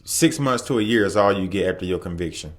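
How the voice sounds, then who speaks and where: A man's voice: deep voice, lively intonation, fast. A man hosting an opinion commentary, blunt and emphatic, punching his key words. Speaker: commentary host.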